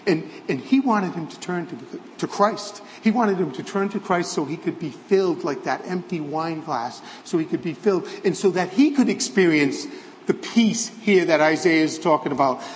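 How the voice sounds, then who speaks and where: A male preacher delivers a sermon, retelling a film scene in earnest, storytelling tones and sometimes restarting his words. His voice sits slightly high and carries a long reverb through the church sanctuary, with faint ambience behind. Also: a little hiss or hum.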